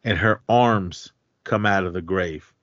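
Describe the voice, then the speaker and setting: A man co-hosting a podcast, retelling a film scene in a rambling, halting way with many fillers. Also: low voice, a bit bright, no room sound, muffled recording. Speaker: podcast co-host. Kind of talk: casual film recap.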